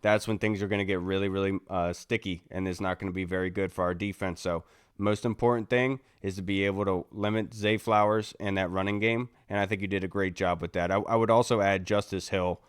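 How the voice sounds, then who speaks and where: A man's voice: deep voice, fairly even intonation, a little fast, clear, resonant tone, no echo, clean studio sound. A man co-hosting a sports podcast, reading out listener questions and giving his takes in casual chat. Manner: reads listener questions aloud, then gives opinions. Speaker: podcast co-host.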